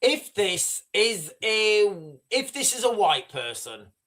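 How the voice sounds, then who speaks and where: Guy livestreaming news reactions, highish voice, rambles and repeats himself a lot. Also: big pitch swings, slow, a bit bright. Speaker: livestream host. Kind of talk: live news commentary.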